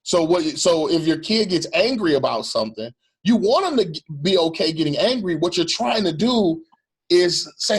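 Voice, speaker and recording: A man's voice: high-pitched, sing-song, moderate pace, slightly rough. A middle-aged male pastor talking earnestly in a reflective conversation, repeating phrases for emphasis.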